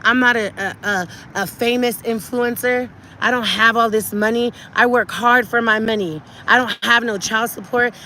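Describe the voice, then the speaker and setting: A woman's voice: on the high side, sharp tone, slight background noise. A woman talking urgently and indignantly to her viewers on a live stream from a car, often repeating herself. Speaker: livestreamer.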